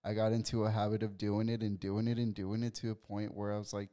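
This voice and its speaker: Young man guest, low voice, halting casual storyteller. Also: little pitch movement, dark tone, clean tone. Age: 20s. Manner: halting, many restarts and fillers.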